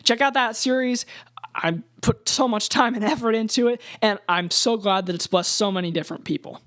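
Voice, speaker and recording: A woman's voice: mid-range voice, a little fast. A young woman, a musician, chatting casually to her viewers in an upbeat way, laughing often between thoughts. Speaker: musician and channel host. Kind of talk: casual vlog chat to camera.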